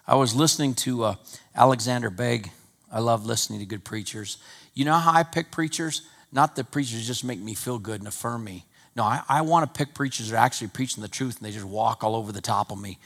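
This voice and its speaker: Emphatic preacher man with swings in volume. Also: a little fast. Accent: Wyoming. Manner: emphatic, rising to loud peaks then dropping low and conversational. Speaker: pastor. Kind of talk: sermon.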